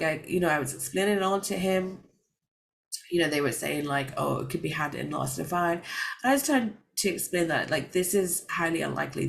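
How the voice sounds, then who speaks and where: Low, gravelly-voiced woman vlogger. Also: rough recording. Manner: rambling, many fillers and restarts. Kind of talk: casual storytelling to camera.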